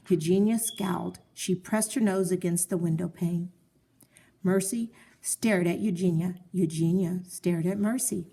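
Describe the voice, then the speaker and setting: A woman calmly narrating a children's story, reading it aloud. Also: lowish voice, measured pace, gravelly, breathy edge.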